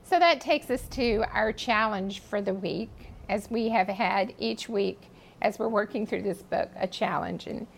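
Earnest woman teaching scripture, gravelly edge. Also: mid-range voice, a little hiss or hum, rough recording. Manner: earnest, expressive storytelling with dramatic pauses. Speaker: speaker teaching a Bible study. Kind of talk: devotional teaching, reading scripture.

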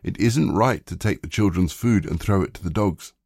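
Calm male teacher, lowish and measured, read plainly by a man; close, dry sound. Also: breathy edge, no room sound. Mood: steady.

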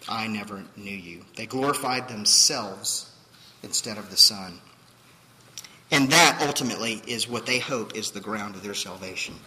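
A pastor preaches a sermon with emphasis, firing off rhetorical questions and acting out the voices of those he quotes. His voice is fairly low with a sharp tone at a moderate pace. The low-quality recording has a big-room sound and slight background noise.

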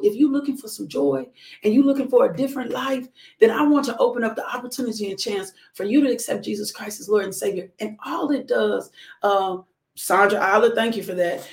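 A woman's voice: mid-range voice, creaky, reverberant. A woman ministry leader, fervently hosting a morning devotional and talking straight to her viewers. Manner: fervent, preachy, calls out to viewers.

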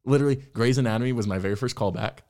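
A young man, an actor, talking candidly in an interview, telling his story in a reflective, animated way. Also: mid-range voice, rapid-fire. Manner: candid, reflective, animated when quoting himself. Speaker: actor and podcast guest.

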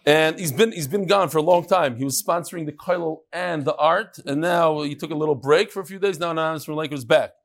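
A man teaching a daily Talmud class as a rabbi, animated and teasing, joking with his audience as he reads messages and sets riddles. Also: on the high side, fast, few pauses. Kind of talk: Talmud lesson with joking banter.

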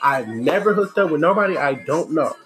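A woman's voice: low-pitched, expressive, brisk. A woman talking bluntly and profanely in an exasperated, candid monologue. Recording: music playing behind the voice. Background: music.

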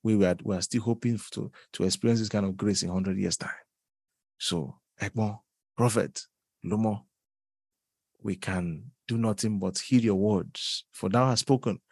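A man putting on a fawning churchgoer who flatters a self-styled prophet in mock-solemn, old-fashioned reverent words. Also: lowish voice, moderate pace, vocal fry, breathy edge, dry recording, pitched below the performer's own voice.

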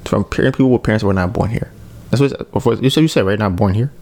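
A man's voice: lowish voice, fast, creaky, a little mellow. A man hosting a podcast, telling a story in a casual chat, laughing often and tagging sentences with "right?". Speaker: podcast host.

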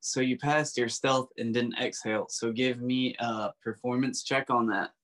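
Brief: male game master, bright forward tone, casual joking delivery. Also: mid-range voice, moderate pace. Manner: relaxed, joking rulings. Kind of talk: running a tabletop game.

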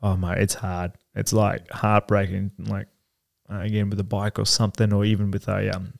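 A man's voice: on the low side, level tone, normal speed, gravelly. A man in his thirties co-hosting a podcast in casual chat, rambling with fillers and casual swearing. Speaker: podcast co-host.

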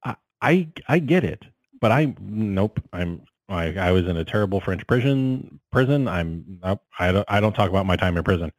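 A man's voice: deep voice, moderate pace, hardly any pauses, dry recording, poor audio. A young man co-hosting a comedy podcast, talking bluntly and profanely in casual chat. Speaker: podcast co-host.

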